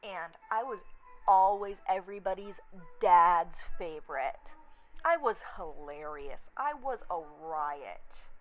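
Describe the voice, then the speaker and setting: A young woman vlogging, telling a story in a blunt, profane, animated rant. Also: fairly low pitch, slow, rough recording. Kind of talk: casual rant to camera.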